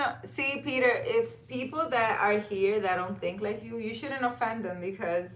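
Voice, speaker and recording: A woman chatting casually on a livestream outdoors in a park at night, reading out viewer comments, talking straight to viewers by name and laughing often. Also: medium pitch. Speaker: livestream tarot reader.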